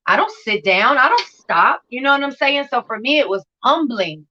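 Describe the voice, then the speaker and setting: A woman's voice: high-pitched, lively intonation, normal speed, sharp tone, muffled recording, a little hiss or hum. A woman telling her recovery story in a livestream interview, blunt and profane, acting out scenes as she talks. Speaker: guest sharing recovery story.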